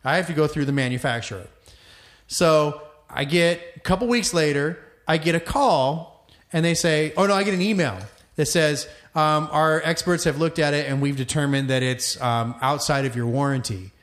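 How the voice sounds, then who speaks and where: Man, podcast co-host, rowdy storyteller, swears a lot, slightly higher voice. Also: normal speed. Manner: animated storyteller, swears freely. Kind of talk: casual chat.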